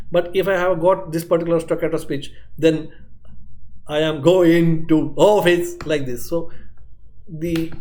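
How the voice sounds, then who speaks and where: A man's voice: fairly high pitch, darkish tone. A man giving a medical lecture, explaining step by step and often checking in with "okay" and "isn't it". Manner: explanatory, repeats points, frequent "okay" and "isn't it". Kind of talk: classroom lecture.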